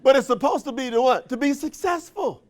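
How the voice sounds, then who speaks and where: High-voiced man preaching motivation. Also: fairly quick. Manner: call-and-response, rhetorical questions; folksy, countrified phrasing. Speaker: motivational speaker at a sales training. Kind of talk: live motivational speech. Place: event room.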